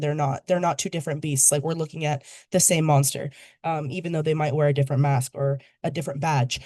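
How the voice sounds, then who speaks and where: A moderator guiding a panel discussion and asking questions in a relaxed, conversational way, with many pauses and fillers. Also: mid-range voice, no echo.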